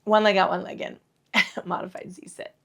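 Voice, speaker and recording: In a mid-range voice with a level tone and normal speed, a middle-aged yoga instructor teaches a laid-back class indoors at home. Her instruction wanders, and she's profane and self-deprecating throughout.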